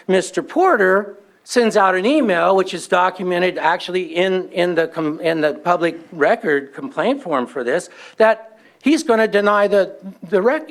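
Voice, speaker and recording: A man with a fairly high voice speaks during public comment at a county meeting. He recounts a long neighbor grievance in an aggrieved tone, acting out each quoted exchange as he goes.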